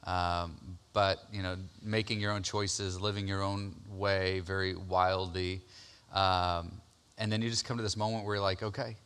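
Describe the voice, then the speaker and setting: A man in his thirties, a pastor, giving a conversational personal testimony sermon, full of fillers and repeated words, getting loud and excited as he retells his story. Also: low voice, a little slow, clean tone.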